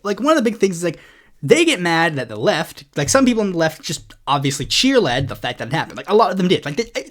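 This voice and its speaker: A woman hosting a political commentary show, ranting in a heated, profane way and rambling with many restarts. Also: lowish voice. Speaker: host.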